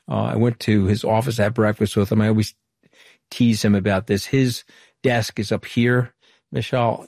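A middle-aged man from Long Island tells his story in an interview, moving briskly from anecdote to anecdote and acting out bits of dialogue. His voice sits on the low side. The sound is close and dry, with no room around it. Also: a little mellow, dry recording. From Long Island, New York. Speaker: interview guest, former political communications director. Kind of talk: candid storytelling interview answers.

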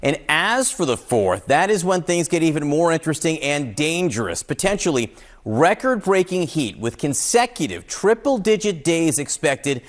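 A man's voice: fairly high pitch, sing-song, normal speed. Man reading breaking news headlines. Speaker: news anchor.

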